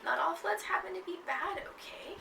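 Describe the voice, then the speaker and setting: A woman from Texas, USA, teaches a poetry class conversationally, frequently checking in with "okay?" and "right?". Her voice is extremely high, creaky, and expressive at a normal pace, recorded noisily in an echoey room from a distant mic.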